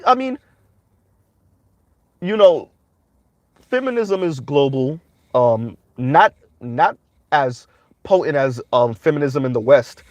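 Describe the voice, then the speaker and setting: A man's voice: a little high, no room sound, muffled recording. A man giving casual livestream commentary, rambling along with frequent "um" fillers.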